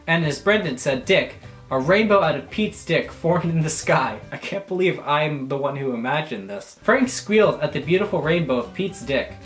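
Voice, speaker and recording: Animated young man joking in a roomy room. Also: on the high side, moderate pace, faint music behind. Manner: animated, crude, mock-offended jokes. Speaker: YouTuber. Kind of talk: comedic reading aloud with asides.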